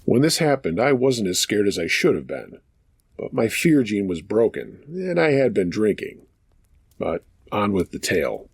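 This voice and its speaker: A man's voice: fairly low pitch, very animated, normal speed, vocal fry, slightly rough, dry recording, clean studio sound. A man hosting a show of true scary stories, reading listener accounts aloud in a casual, profane storytelling manner.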